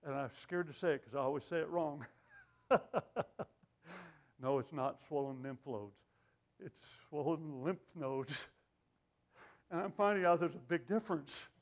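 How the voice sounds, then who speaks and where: An older man preaching a sermon with an animated, self-deprecating sense of humor, often laughing at himself. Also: a little high, measured pace, creaky, pauses often. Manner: lively, animated delivery.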